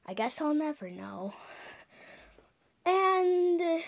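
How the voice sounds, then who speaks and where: Animated high-voiced woman playing time traveler. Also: drawn-out words, pauses often. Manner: animated, with sound effects and loud gasps; drops into hushed whispers. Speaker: host of a dinosaur show. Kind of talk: playful pretend time-travel narration.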